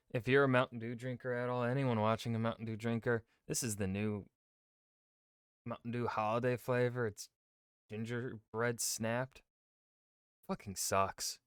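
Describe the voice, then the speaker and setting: A man's voice: mid-range voice, steady tone, measured pace, smooth, dry recording, clean studio sound. A man streaming a game, muttering to himself, swearing and complaining in an offhand casual way. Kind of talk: casual live-stream chat while gaming.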